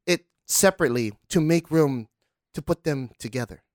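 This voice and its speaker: Podcast co-host, male, animated storyteller, slightly high voice, dry close mic. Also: normal speed, no echo. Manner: animated storyteller acting out quotes. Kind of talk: casual chat.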